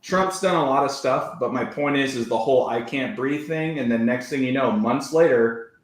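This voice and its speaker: A man's voice: mid-range voice, moderate pace. A man on an online roundtable, eagerly cutting in and stressing his points. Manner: eager, interjecting, emphatic. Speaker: roundtable panelist. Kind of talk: casual online roundtable discussion. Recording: roomy echo.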